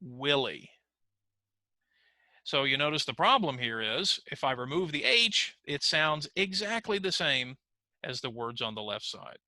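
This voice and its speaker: Bright-voiced man teaching pronunciation. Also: on the high side, big pitch swings, dry recording, poor audio. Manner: slow, clear modeling of words for learners to repeat. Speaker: ESL teacher. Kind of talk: online pronunciation lesson. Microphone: computer mic on a screen recording.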